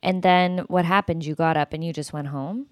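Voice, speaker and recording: A woman's voice: low voice, steady tone, moderate pace, no echo, studio quality. A woman hosting a casual chat, blunt and teasing, who swears casually.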